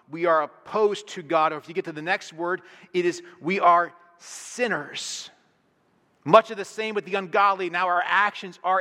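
A man's voice: high-pitched, sharp tone. A man, a pastor, preaching a sermon in a conversational way with rhetorical questions, in a church sanctuary. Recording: long reverb of a large hall.

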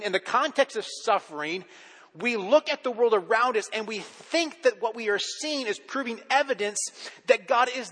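Male pastor, sermon delivery, fairly high bright voice, long hall reverb, conversational with rhetorical questions. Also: breathy edge. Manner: conversational preaching, rhetorical questions, repeats words when excited.

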